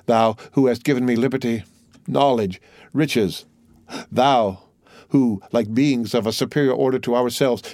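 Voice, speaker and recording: A man's voice: mid-range voice, darkish tone, no echo, lightly acted. A man voicing a proud, grieving count who speaks in solemn, formal tones.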